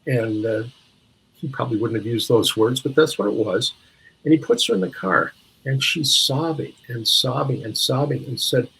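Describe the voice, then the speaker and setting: Husky older man telling stories haltingly. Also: mid-range voice, lively intonation, pushed and bright, rough recording. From Minneapolis, USA. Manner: halting, searching for words with frequent restarts. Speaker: interview guest. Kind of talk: reflective storytelling.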